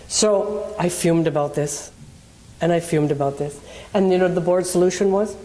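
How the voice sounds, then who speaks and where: Low, mellow-voiced woman minister. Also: moderate pace. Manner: conversational, acts out the people in her story. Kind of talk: sermon with personal storytelling.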